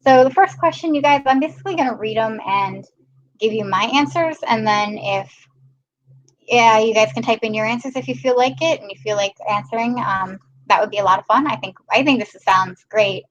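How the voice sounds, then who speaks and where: A chatty woman hosts a casual live stream and greets her viewers one by one. Her voice sits a little high. The audio is dull and lo-fi. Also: a little fast. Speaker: live-stream host filling in.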